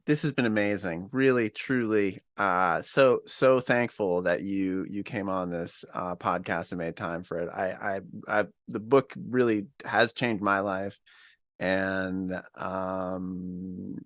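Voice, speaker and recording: A man's voice: deep voice, slow, fairly bright tone, dry recording. A man hosting a podcast, speaking gratefully and stumbling over his words while recording a video call. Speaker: podcast host. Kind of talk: interview wrap-up.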